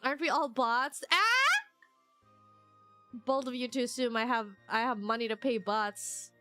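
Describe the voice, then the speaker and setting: A young woman streamer chatting casually with her viewers, rambling and excitable, squealing whenever she thanks someone. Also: fairly high pitch, unhurried, soft background music.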